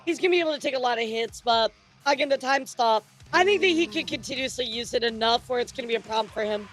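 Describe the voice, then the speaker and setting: A woman streamer chatting casually as she reacts to a video, excitable and quick with laughs and asides. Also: a little high, soft background music.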